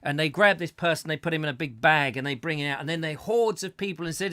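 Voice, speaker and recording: Middle-aged man, comic chat show host, rambling tangents, fairly high voice, dry close sound. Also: fast, hardly any pauses, pushed and bright, no room sound. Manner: whimsical, rambling tangents with many fillers.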